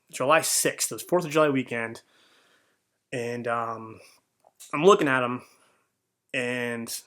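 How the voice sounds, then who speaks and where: Male host with a forceful, earnest voice and a mid-range pitch, talking casually. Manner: earnest storytelling with many fillers. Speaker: podcast host. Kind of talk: casual reflective monologue.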